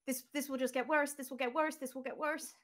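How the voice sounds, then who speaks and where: A woman voicing an anxious robot crewmate who stammers and frets in a high voice. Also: quick pace, bright, forceful tone. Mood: panicked. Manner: stammering, fretful, high-pitched.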